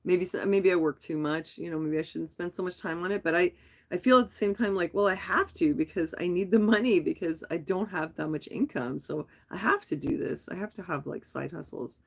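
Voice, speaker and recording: A woman vlogger talking casually on a live stream, telling a story in a rambling, animated way with frequent restarts. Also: lowish voice, brisk, creaky. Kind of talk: casual chat.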